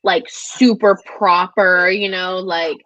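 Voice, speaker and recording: A chatty woman speaks in quick bursts, laughing often between thoughts. Her voice sits a little low and comes through a dull, lo-fi call mic with a very dry sound. It sounds like a relaxed video chat among friends. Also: no room sound. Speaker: host of a booktube live stream. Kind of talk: casual group video chat.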